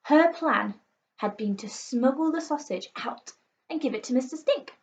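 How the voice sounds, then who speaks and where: A woman's voice: high voice, moderate pace. Teacher lady reading a kids' book, playful, lo-fi sound. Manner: expressive, playful storytelling. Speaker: primary school teacher. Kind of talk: reading a children's book aloud. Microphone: recorded for an online class video. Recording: slightly muffled lo-fi recording.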